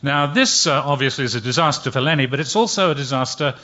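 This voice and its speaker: Bright-voiced man telling a story on stage. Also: medium pitch, animated, fast talker, highs cut off, a little hiss or hum. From England. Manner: chatty, hesitant with many ums.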